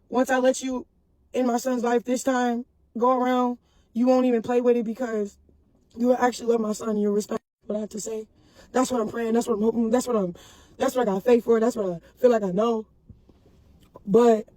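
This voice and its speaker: A woman's voice: a little high, darkish tone, no room sound, rough recording. A woman speaking to her followers in a casual, heartfelt video message, earnest and rambling, circling back with repeated fillers. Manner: earnest, rambling, repeats "for real" and "you know what I'm saying". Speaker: mother addressing her audience.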